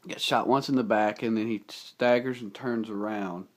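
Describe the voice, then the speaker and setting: A man casually recapping a movie plot, rambling and excitable, his voice a bit rough from feeling unwell. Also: on the low side, normal speed. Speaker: movie reviewer. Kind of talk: casual spoken film recap.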